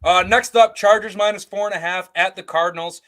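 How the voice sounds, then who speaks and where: A man's voice: sits high, fairly even intonation, fairly quick, fairly bright tone. A man co-hosting a casual sports betting podcast, giving his picks with blunt confidence. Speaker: co-host picking bets.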